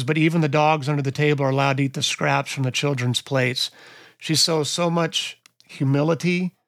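A man's voice: a little high, a bit bright, dry recording, clean studio sound. A man co-hosting a Bible study podcast, explaining with small stammers on his first words. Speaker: podcast co-host. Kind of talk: casual Bible study discussion.

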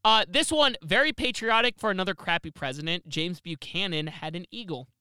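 A man hosting a comedy podcast, telling trivia with quick, energetic delivery. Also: high voice, clear, resonant tone, dry recording. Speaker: podcast host. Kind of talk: casual comedy chat.

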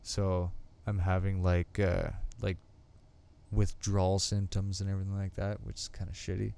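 Laid-back low-voiced man podcasting solo. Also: monotone, normal speed, gravelly, mellow, smooth. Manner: rambling, candid, sprinkled with ums and swearing. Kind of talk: casual solo podcast talk.

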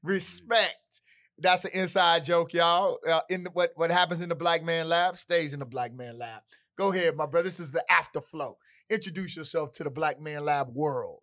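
Upbeat chicago guy hosting a panel, pretty high voice, hyping folks up. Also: moderate pace, fairly bright tone. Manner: upbeat, hype-man energy. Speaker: host. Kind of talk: casual panel interview.

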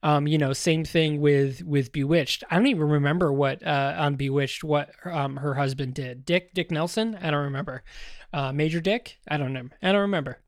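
A man's voice: fairly high pitch, moderate pace, dry recording, studio quality. A man hosting a podcast, talking casually about a TV series, rambling with lots of fillers and restarts and joking straight at his listeners. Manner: addresses listeners directly, joking. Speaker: podcast host.

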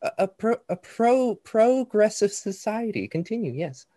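A man's voice: sits high, very animated, unhurried, mellow, no room sound, pitched above the performer's own voice, full character voice. A man voicing a fussy, bookish woman scholar with a prim put-on British accent who asks eager questions. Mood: inquisitive.

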